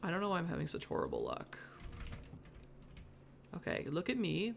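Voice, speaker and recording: A woman's voice: lowish voice, huge pitch swings, moderate pace, vocal fry, long pauses. A woman streaming live from her desk at home, muttering wry gameplay commentary to herself and easily getting sidetracked. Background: faint background music.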